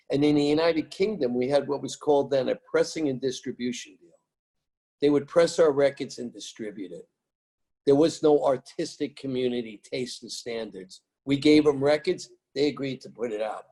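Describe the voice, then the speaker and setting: A man's voice: fairly high pitch, dark tone. An American man telling music-business stories in an interview, emphatic and rambling, repeating his phrases. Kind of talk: animated storytelling interview.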